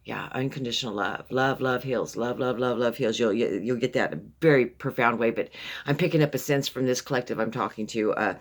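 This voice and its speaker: A tarot reader with a very deep voice talks a little fast through an affectionate, casual reading. Rambling and repetitive, she addresses the listener as "baby" and often restarts.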